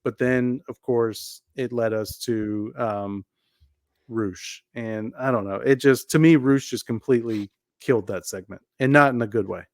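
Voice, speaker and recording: A man co-hosting a wrestling podcast, laying out his views in a steady, measured way. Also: mid-range voice, no room sound, clean studio sound. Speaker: podcast co-host. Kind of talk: casual podcast chat.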